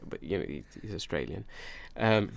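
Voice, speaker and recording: A man's voice: deep voice, big pitch swings, moderate pace, gravelly. A man, chatting casually as co-host of a film review show, rambling and correcting himself as he goes.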